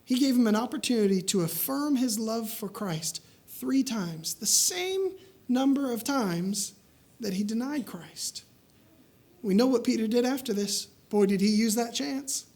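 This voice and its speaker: A man preaching a sermon, telling a story with lively acted-out dialogue. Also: a little slow. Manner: animated storytelling, acting out dialogue with rising pitch.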